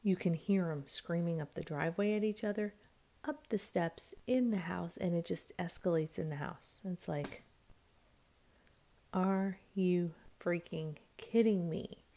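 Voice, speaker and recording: A woman in her thirties, a mother chatting to her camera at home, rambling through a family story and acting out what people said. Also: a little slow. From United States. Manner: rambling storytelling, acts out quotes with jumps in pitch and loudness. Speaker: vlogger and mother. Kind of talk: casual chat to camera. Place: at home, indoors. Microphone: camera mic.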